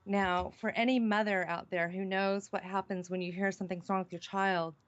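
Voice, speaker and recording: A woman's voice: medium pitch, fairly even intonation, normal speed. A middle-aged woman, a radio show guest, earnestly recounting a personal experience with many restarts. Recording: dull, lo-fi call-in audio.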